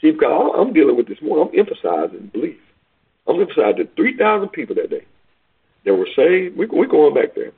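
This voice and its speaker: Gravelly man over tinny radio. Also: a little high, big pitch swings, brisk. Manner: call-and-response preaching, rising to near-shouts on key phrases. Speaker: preacher. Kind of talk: sermon. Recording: tinny phone-like radio broadcast.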